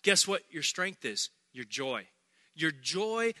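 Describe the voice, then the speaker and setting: High, bright-voiced pastor preaching. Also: male voice, takes it slowly, no echo. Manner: energetic, humorous preaching with repeated phrases. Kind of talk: sermon.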